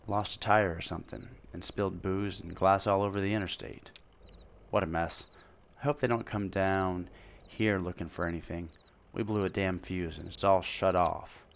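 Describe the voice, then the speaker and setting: A man's voice: sits low, fairly even intonation, moderate pace, vocal fry. A man voicing a folksy, chatty older male gas station owner with a put-on drawling country voice.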